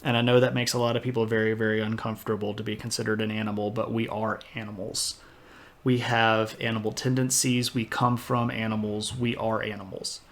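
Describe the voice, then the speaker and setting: A man's voice: fairly low pitch, level tone, a little fast. Chatty man giving a casual history lecture. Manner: conversational, digressive, self-deprecating asides.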